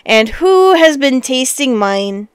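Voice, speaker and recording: A woman's voice: sits high, big pitch swings, slow, clean tone, dry recording, heavily acted. A woman voicing a middling-sized bear in a storybook, indignant, speaking in a firm, raised voice.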